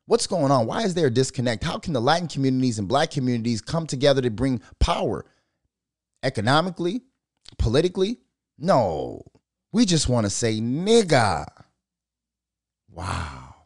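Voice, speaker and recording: A man's voice: mid-range voice, very animated, brisk, no room sound, studio quality. A man giving heated, profane podcast commentary and firing off rhetorical questions. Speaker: podcast host.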